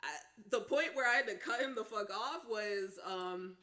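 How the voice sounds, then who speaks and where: A woman chatting casually on a podcast, her voice very bright and ringing. She tells her story in an animated, loose way, laughing often and swearing freely. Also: mid-range voice, moderate pace. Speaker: podcast co-host.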